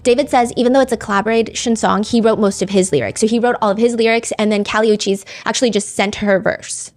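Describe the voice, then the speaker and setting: Woman true crime commentator, rapid-fire and chatty, mid-pitched, loose filler-heavy delivery. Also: steady tone. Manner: chatty, frequent "like" fillers, reads lyrics aloud. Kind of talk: casual commentary.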